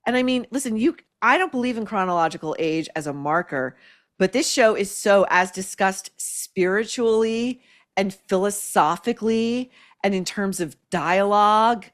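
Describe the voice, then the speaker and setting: A woman's voice: medium pitch, lively intonation, moderate pace. A woman hosting an opinion show, blunt and scathing in her sarcastic commentary. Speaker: podcast host.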